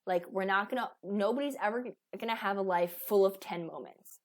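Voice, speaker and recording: Speaking at a brisk clip in a medium-pitched voice, a woman in her thirties who works as a weight loss coach delivers an informal pep talk. Her chatty style is packed with restarts and filler words.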